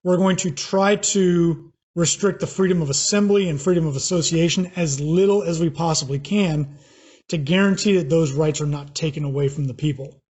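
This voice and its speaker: A man's voice: fairly high pitch, moderate pace, darkish tone, husky. An American man giving a recorded class lecture, explaining plainly with fillers and restarts. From United States. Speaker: teacher.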